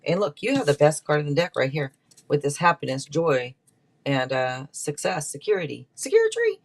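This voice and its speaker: A woman's voice: sits low, moderate pace, gravelly. A woman hosting a live tarot stream, chatting casually and rambling through card meanings. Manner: chatty and rambling, with many restarts.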